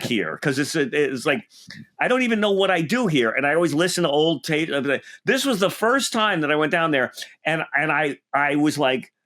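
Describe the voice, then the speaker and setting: A man co-hosting a comedy podcast, telling stories in a rambling, self-deprecating way with halting restarts. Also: a little high, a bit bright. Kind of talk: casual comedy podcast banter.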